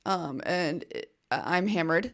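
A woman's voice: on the low side, measured pace. A woman co-hosting a casual hockey podcast, telling a story with laughter and mocking herself. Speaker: podcast co-host. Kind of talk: casual chat.

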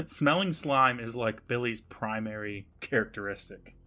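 A man's voice: mid-range voice, measured pace, pushed and bright. A man co-hosting a podcast, retelling a TV episode's plot in casual chat with wry, joking asides. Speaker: podcast co-host.

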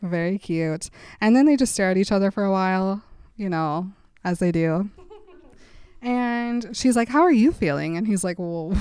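A young woman co-hosting a podcast, recapping a story in casual chat and quoting the characters in a flat deadpan between laughs. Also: medium pitch, measured pace, clear, resonant tone, no echo. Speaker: podcast co-host.

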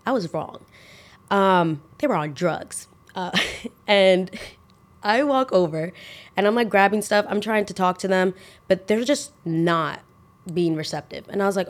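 Young female podcast host, casual and sarcastic, slightly low-pitched, tangent-prone storyteller. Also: moderate pace. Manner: chatty, ranting, sarcastic asides.

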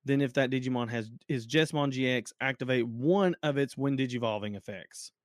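A man co-hosting a casual card game podcast, talking excitedly and laughing often, with sudden jumps up in pitch. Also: a little fast, no echo, clean studio sound.

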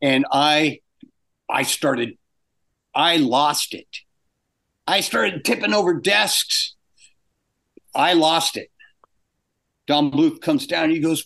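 An older man telling anecdotes in a casual interview, acting out quoted exchanges with animated shifts in pitch. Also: takes it slowly, gravelly, long pauses. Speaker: guest animator.

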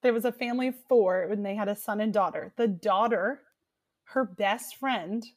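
A young woman chatting casually, telling an animated story and breaking into shrieked cheers as she acts it out. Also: medium pitch, moderate pace. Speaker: guest storyteller. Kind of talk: casual chat.

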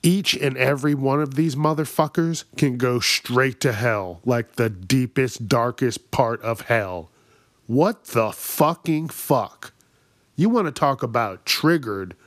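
A man's voice: medium pitch, animated, takes it slowly, dry recording, clean studio sound. A man hosting a podcast, delivering a profane, exasperated comedic rant. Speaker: podcast host. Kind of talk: ranting comedic monologue.

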